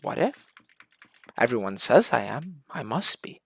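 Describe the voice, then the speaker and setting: A man voicing a young inmate who quietly convinces himself he is insane. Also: mid-range voice, sing-song, unhurried, creaky, slightly rough, full character voice. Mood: hushed unhinged. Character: young inmate sliding into madness, hushed and shaken.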